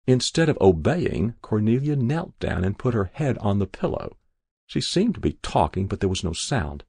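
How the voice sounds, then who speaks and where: A man narrating a literary short story in a measured, expressive way. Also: on the low side, breathy edge, no echo, studio quality. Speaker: reader.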